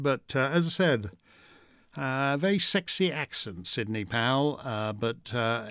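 Male host for live Q&A commentary: indignant, sardonic, emphatic, with a smooth, fairly high voice. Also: no echo, studio quality. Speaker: host of a listener Q&A show. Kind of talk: live call-in commentary, reading listener questions.

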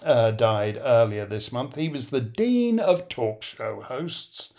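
A man's voice: medium pitch, animated, takes it slowly, a little mellow. A middle-aged man hosting a live listener Q&A, sardonic and rambling, his voice beginning to give out. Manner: rambling, sardonic, with many fillers. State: losing his voice. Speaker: host.

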